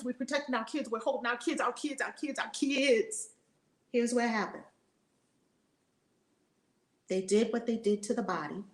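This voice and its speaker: A middle-aged woman giving an impassioned spiritual talk, emphatic and repetitive, swinging between loud declarations and hushed asides, casual and swearing freely. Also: fairly high pitch, echoey room. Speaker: spiritual teacher.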